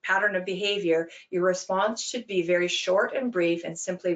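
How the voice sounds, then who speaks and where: A woman giving an earnest, emphatic webinar talk, explaining with quick examples over a video call. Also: medium pitch, fairly even intonation. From Canada. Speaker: webinar speaker, anti-bullying program founder.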